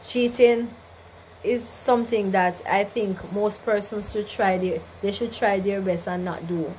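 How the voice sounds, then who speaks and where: A woman's voice: medium pitch, steady tone, measured pace, a little mellow, a little hiss or hum, poor audio. A woman hosting a casual livestream chat, reading out viewer comments and giving faith-filled advice, often asking "you understand?". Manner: preachy, faith-driven advice with repeated "you understand?" and "right?". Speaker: livestream host.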